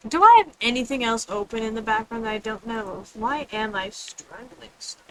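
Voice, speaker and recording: A woman's voice: a little high, animated, normal speed, a bit bright, a little hiss or hum, poor audio. A woman streaming a game, chatting casually in a rambling way and answering chat. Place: home room with others nearby.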